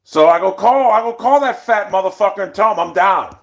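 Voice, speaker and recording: A man's voice: high voice, brisk, gravelly. A man telling stories in a casual, rambling monologue, blunt and profane, with many restarts. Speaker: storyteller.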